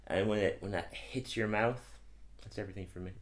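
A young Irish man co-hosting a podcast in casual chat, talking softly with a slightly croaky voice and joking often. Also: on the low side, a little fast. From Ireland. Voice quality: soft and slightly croaky from a sore throat. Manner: joking, laid-back, laughs often. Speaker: podcast co-host.

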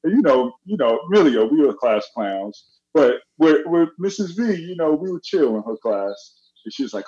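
A middle-aged man telling a story in casual chat, animated and acting out the voices of the people in it. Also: on the high side, normal speed. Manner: animated, acts out quoted voices. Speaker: guest. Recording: dull lo-fi audio.

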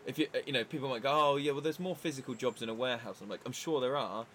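Man, mid-pitched, thoughtful co-host who searches for words, faint hiss behind. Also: racing, fairly bright tone. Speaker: podcast co-host, forest school leader. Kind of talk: casual chat.

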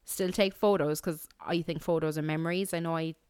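A woman's voice: low voice, steady tone, a little fast, a little mellow, clean tone. An Irish woman co-hosting a podcast, chatty and giggly, telling stories in casual conversation. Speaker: podcast co-host. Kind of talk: casual chat.

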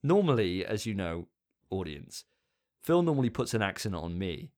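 A man's voice: low-pitched, very animated, normal speed, a little mellow. A British man hosting a podcast, chatty, sweary and self-mocking. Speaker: podcast host. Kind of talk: casual podcast chat.

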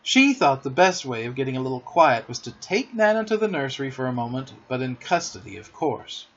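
A man narrating a storybook in an expressive, theatrical way in a dull lo-fi recording. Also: medium pitch, a little fast.

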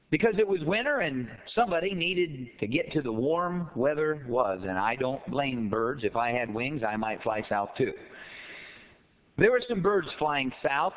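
A man preaching a sermon, telling a fable in a folksy, animated way that rises to emphatic peaks. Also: fairly high pitch. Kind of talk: sermon with storytelling. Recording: tinny phone-like sound.

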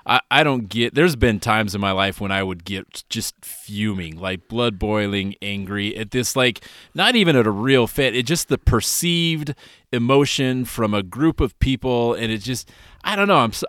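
A man's voice: medium pitch, lively intonation, moderate pace, fairly bright tone, no echo, clean studio sound. A middle-aged man co-hosting a sports podcast, chatting in an easygoing, laid-back way and laughing often. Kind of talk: casual chat.

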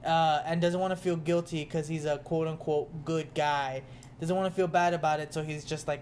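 A young man in casual chat, telling animated stories and swearing freely. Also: fairly high pitch, normal speed, slight background noise. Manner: animated storytelling, heavy swearing.

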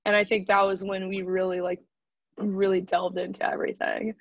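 Husky-voiced woman on a dull, dry recording. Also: mid-range voice, level tone, normal speed, no echo. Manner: easygoing, laughs often. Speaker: podcast guest. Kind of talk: casual chat.

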